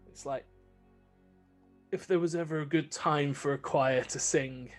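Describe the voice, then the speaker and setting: A man's voice: on the high side, steady tone, measured pace, soft background music. A man narrating a tabletop game as game master, vivid with many fillers.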